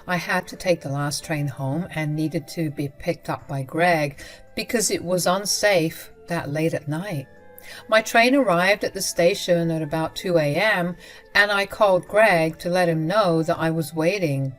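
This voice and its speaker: A woman's voice: on the low side, unhurried, faint music behind. A young woman narrating a first-person story with emphatic, dramatic retelling.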